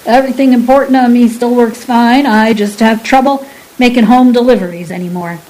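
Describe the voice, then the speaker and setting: A woman voicing a gruff, cheerfully crude old man in a wheelchair, in a read-aloud story. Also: a little high, a little fast, a little mellow, voice pushed up, natural voice, rough recording. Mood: wry.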